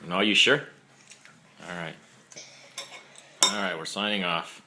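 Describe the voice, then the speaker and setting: A man's voice: low voice, fairly even intonation, unhurried, long pauses, pushed and bright, a little hiss or hum. A father chatting playfully with his young child over a meal at home, teasing and coaxing, recorded on a phone set on the table. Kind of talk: casual chat with his child during a meal. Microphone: phone propped up on the table.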